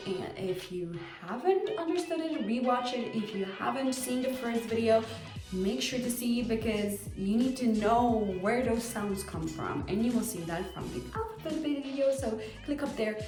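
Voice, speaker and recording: A woman teaching a language lesson, saying sounds slowly and repeating them for learners. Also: fairly high pitch, a little mellow. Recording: roomy echo.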